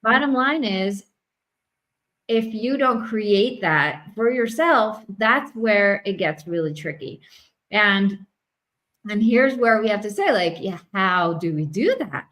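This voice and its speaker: Bright, enthusiastic woman podcast host. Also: medium pitch, animated, takes it slowly, low-quality recording. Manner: enthusiastic, talks in restarts and asides. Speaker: host and marriage coach. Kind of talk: conversational discussion. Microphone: video call.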